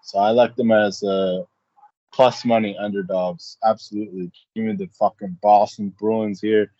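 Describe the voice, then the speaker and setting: A man's voice: lowish voice, fairly even intonation, normal speed, mellow, no room sound. A man co-hosting a casual betting podcast, blunt and profane. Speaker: podcast co-host. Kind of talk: casual sports betting chat. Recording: dry, dull lo-fi sound.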